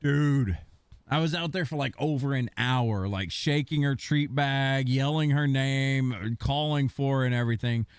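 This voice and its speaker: A man's voice: mid-range voice, measured pace, clear, resonant tone, no room sound, clean studio sound. A man streaming a game, chatting casually and telling a long story in a rambling way, swearing now and then. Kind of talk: casual chat while gaming.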